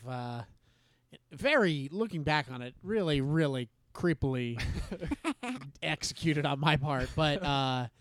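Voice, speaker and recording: A man telling a story in casual chat, halting and self-deprecating, laughing often. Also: mid-range voice, fairly bright tone, clean tone, no echo.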